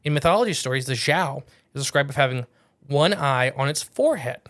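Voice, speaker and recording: A man's voice: mid-range voice, lively intonation, a little fast, fairly bright tone. A man co-hosting a casual podcast, talking in a rambling, jokey way and often correcting himself mid-sentence. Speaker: podcast co-host.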